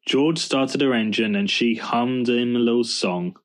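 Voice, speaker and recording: A man reading a children's storybook aloud in a calm, measured narration. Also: mid-range voice. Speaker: storybook reader.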